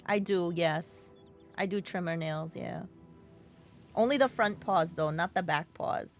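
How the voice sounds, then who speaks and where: A woman streamer in casual live-stream chat, relaxed, affectionate and chatty. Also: on the low side, a little slow, soft background music.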